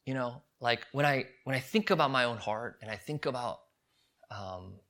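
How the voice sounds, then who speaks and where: A man pastor giving a sermon, reading a story aloud with earnest, dramatic delivery and hushed drops. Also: mid-range voice, normal speed.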